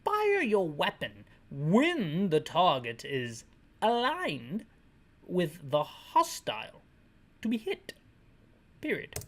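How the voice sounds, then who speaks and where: A woman's voice: fairly low pitch, big pitch swings, husky. Woman doing a stiff HQ radio operator. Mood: stiff, formal. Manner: slow, over-enunciated reading of game text.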